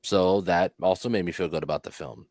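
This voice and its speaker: A man hosting a podcast, talking casually about a film in a rambling, profane, animated way. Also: deep voice, fairly quick. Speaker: podcast host.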